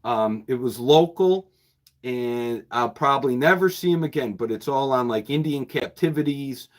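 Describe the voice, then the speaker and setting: A man hosting a casual livestream from his bookshop, talking to viewers in a rambling, friendly-sounding flow. He repeats words, restarts phrases and chuckles now and then. His pitch sits in the middle range for a man. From New York State. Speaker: bookseller and channel host.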